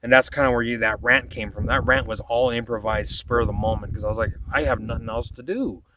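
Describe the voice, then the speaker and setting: A man's voice: mid-range voice, fairly even intonation, brisk, distant mic, background noise. A man telling rambling, profane stories about making his videos, often quoting himself in a casual monologue. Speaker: vlogger.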